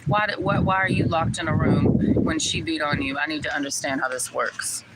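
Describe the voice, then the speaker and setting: This is a young woman's low voice at a moderate pace, with fairly even intonation. Indignant and foul-mouthed, she keeps throwing the same rhetorical questions at her livestream chat while loud vehicle noise sounds behind her.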